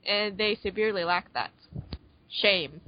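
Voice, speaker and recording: A woman's voice: mid-range voice, measured pace, muffled recording, slight background noise. A woman co-hosting a podcast, chatting casually about a movie, rambling with lots of fillers and restarts. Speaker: podcast co-host. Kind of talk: casual movie review chat.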